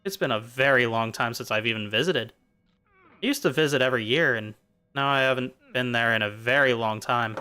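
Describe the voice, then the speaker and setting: A man's voice: mid-range voice, a little fast, sharp tone, clear, resonant tone. A male streamer chatting casually while playing a game, drifting playfully between jokes and musings. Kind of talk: casual rambling chat while gaming.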